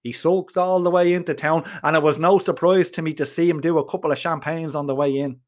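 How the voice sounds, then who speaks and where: A narrator with a thick Dublin Irish accent reads a first-person audiobook, earthy and full of swearing and local slang. His voice is a little high for a man, steady in tone and brisk in pace.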